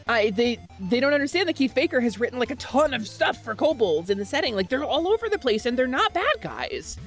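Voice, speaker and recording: Animated woman streamer with lively pitch. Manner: animated, rambling, quick to get fired up. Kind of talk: casual chat to stream viewers. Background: faint background music.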